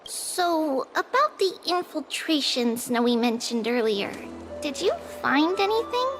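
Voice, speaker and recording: A high-pitched, lively young woman companion in a video game, eager and earnest, her voice bouncing up and down. Game music runs behind her. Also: a little slow. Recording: game audio with music underneath.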